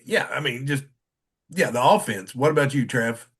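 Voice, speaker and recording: A man's voice: medium pitch, animated, normal speed, fairly bright tone, slightly rough. Rambling man telling stories. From South Texas. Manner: rambling storyteller, acts out quotes. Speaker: podcast co-host. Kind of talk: casual sports chat.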